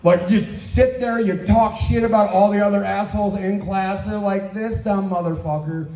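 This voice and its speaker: A man's voice: sits high, flat delivery, moderate pace, dark tone, echoey room. A young man doing a crude, rambling, self-mocking stand-up set in a small club. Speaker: stand-up comedian.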